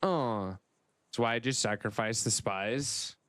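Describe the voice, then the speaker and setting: A man streaming a game live, reacting excitably and muttering the same phrases over and over as things go wrong. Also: unhurried, smooth. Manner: excitable, yelps up high when things go wrong; repeats phrases, mutters to himself. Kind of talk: live gameplay commentary.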